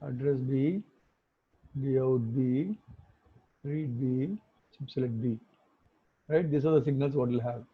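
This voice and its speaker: A man's voice: medium pitch, unhurried, long pauses, slightly rough. A man teaching an online class, explaining things step by step and often checking with tag questions. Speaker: instructor. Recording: phone-like muffled call audio.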